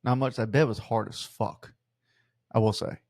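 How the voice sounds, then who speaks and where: A man's voice: fairly low pitch, fairly even intonation, normal speed, vocal fry, darkish tone, no echo, studio quality. A young man from South Louisiana with a local accent, telling loose, profane stories in casual podcast chat. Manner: loose, profane storytelling with many restarts. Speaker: podcast co-host.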